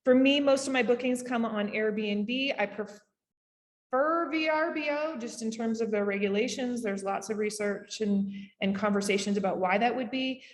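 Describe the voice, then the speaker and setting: A woman with a Canadian accent gives a casual summit talk over a video call, with quick asides and lots of fillers. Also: a little high, in a large hall. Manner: chatty, rapid asides, frequent fillers. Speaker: summit speaker on short-term rentals. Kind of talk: casual presentation.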